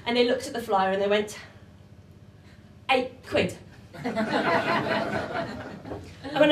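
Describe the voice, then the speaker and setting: A woman's voice: a little high, lively intonation, takes it slowly, pauses often, background noise. Brash woman comic. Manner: brash, bawdy, punchy delivery. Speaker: stand-up comedian and poet. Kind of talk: live stand-up comedy and performance poetry. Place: comedy club stage. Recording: echoey live room from far off.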